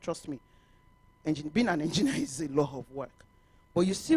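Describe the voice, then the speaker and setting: Nigerian woman, conference speaker, lively pitch, dry close sound, mixes Yoruba and English. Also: breathy edge, no echo. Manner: animated, mixes Yoruba and English, laughs often. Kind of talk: motivational talk to realtors. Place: conference hall.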